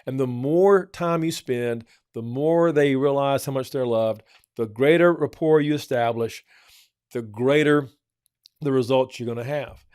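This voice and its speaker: A man's voice: medium pitch, unhurried, a little mellow, clean tone, no echo, studio quality. A man on a church program giving earnest parenting advice, often repeating his points for emphasis. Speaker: church family counselor. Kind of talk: advice talk.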